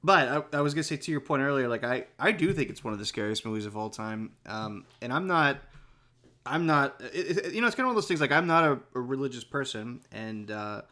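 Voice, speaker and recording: A man's voice: mid-range voice, expressive, quick pace, pushed and bright. A man co-hosting a podcast, talking casually and knowledgeably about films, with many restarts. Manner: knowledgeable, full of restarts and fillers. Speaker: podcast co-host. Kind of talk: casual movie discussion.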